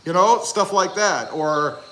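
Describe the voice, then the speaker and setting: A man's voice: high voice, lively intonation, slow pace, a bit bright. A man hosting a casual livestream outdoors, reading chat comments aloud in a rambling, joking way with lots of fillers. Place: outdoors by his truck.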